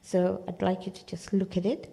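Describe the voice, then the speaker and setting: A woman's voice: mid-range voice, little pitch movement, moderate pace, gravelly, dark tone. A woman teaching a religious study class, explaining verses through storytelling and often checking in with her listeners.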